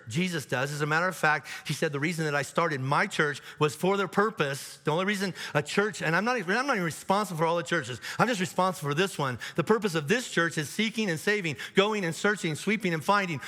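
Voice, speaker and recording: A man preaching a sermon as pastor, in a conversational, animated way with frequent restarts and asides. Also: a little high. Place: large church auditorium. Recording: long hall reverb from live church.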